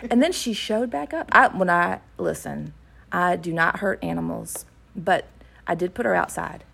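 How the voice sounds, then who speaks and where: A woman, co-hosting a casual chat with expressive, giggly storytelling. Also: lowish voice, moderate pace, creaky, breathy edge. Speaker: co-host.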